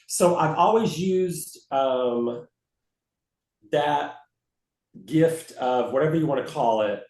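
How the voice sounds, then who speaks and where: Man, flight attendant guest, lively storyteller with a swooping voice, echoey room. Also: on the high side, slow. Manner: animated storyteller who mimics passengers. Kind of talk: conversational storytelling interview.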